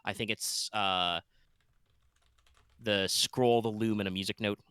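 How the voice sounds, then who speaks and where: Man, game master, lowish bright voice, smooth, dry close sound, rambling playful narration. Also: steady tone, a little slow, dry recording. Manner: rambling, filler-heavy, playful.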